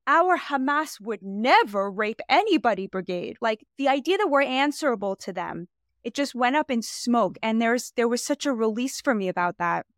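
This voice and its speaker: A woman's voice: a little high, expressive, moderate pace, no echo, studio quality. An American woman talking in an emphatic, searching way, often restarting her sentences mid-thought. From United States. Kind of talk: conversational podcast chat.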